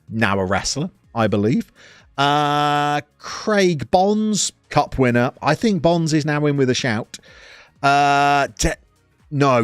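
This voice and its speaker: Lively, teasing West Midlands man in his forties. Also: medium pitch, dry recording. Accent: West Midlands English. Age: 40s. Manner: jokey, teasing banter with viewers. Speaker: streamer reading live chat. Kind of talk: live stream chat.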